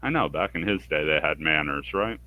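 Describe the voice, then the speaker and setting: Brief: deep-voiced male streamer, dry wit, swoops up in pitch when reading characters, close dry mic. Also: animated, normal speed, no room sound, phone-quality sound. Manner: wry and sarcastic, bursts into higher pitch for characters' lines. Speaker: let's play streamer. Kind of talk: reading game dialogue aloud with sarcastic commentary.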